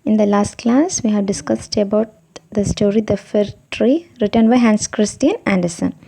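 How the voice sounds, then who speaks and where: A woman's voice: medium pitch, normal speed, gravelly, dark tone, breathy edge. A woman with an Indian English accent teaching an online primary school English lesson. She asks questions, answers them herself, and often adds "isn't it?".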